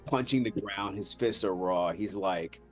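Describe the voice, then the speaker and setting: Deep, slow, halting man. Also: faint music behind. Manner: halting, searching for words with many fillers. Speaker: player. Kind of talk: narrating his character in a tabletop game.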